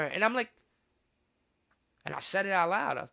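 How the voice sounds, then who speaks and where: A bright, high-pitched man holds forth on his podcast. He rants in a heated, profane, repetitive way and bursts out loudly now and then. His voice sits close and dry on the mic. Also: lively intonation, moderate pace, gravelly, no room sound. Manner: heated, profane, repetitive ranting with sudden loud outbursts. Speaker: podcast host. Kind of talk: casual podcast rant.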